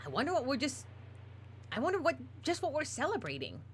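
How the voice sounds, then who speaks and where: A man's voice: extremely high pitch, wildly swooping pitch, brisk, a bit bright, slight background noise, pitched above the performer's own voice, heavily acted. Woman reading a flustered fussy clerk. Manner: flustered, stammering.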